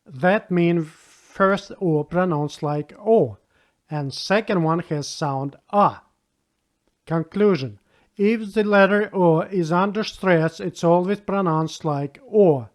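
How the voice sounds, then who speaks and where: Guy teaching a beginner lesson, slightly high voice, talks slow and patient. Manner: patient, spells out rules and repeats example words. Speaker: language teacher. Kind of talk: slow spoken language lesson.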